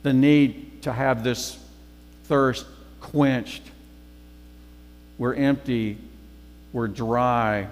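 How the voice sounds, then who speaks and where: A man's voice: medium pitch, steady tone, very slow, pauses often, in a large hall. A man giving a sermon as guest preacher, conversational, repeating phrases for emphasis.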